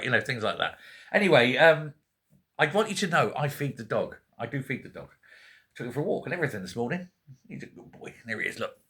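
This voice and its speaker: A Scottish man in a quiet home, chatting casually to camera about politics with joking asides and frequent self-corrections. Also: medium pitch. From Scotland. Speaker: political vlogger. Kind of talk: casual rambling commentary to camera.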